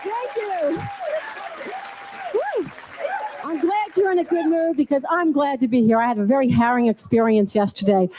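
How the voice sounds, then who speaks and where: A woman's voice: sits high, normal speed, long pauses, crowd noise. Southern woman doing stand-up, noisy recording. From New Orleans, USA. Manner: punchy joke delivery, laughing at her own lines. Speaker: stand-up comedian. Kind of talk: stand-up comedy set. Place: comedy club stage.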